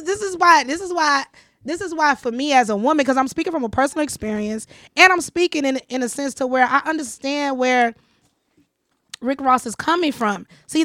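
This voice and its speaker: A woman's voice: sits high, a bit bright, dry recording, studio quality. A woman hosting a casual conversation, talking emphatically and repeating phrases for stress. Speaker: podcast host.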